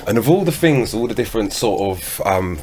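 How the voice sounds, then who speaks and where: Man, low voice, casual swearing, rambling, faint background noise. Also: sing-song, fairly quick, a little mellow. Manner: rambling anecdotes with swearing and slang. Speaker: podcast co-host. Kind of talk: casual chat.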